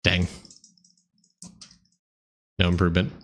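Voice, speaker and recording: Young american guy rambling while he plays, kinda low voice, stops and restarts a lot. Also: completely flat delivery, fairly bright tone. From United States. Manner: rambling, halting, thinking aloud. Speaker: game streamer. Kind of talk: casual gameplay commentary.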